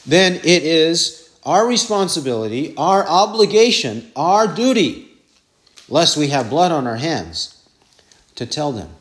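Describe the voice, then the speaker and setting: A man's voice: on the high side, big pitch swings, measured pace. A man preaching an expository sermon, repeating verse references and asking rhetorical questions.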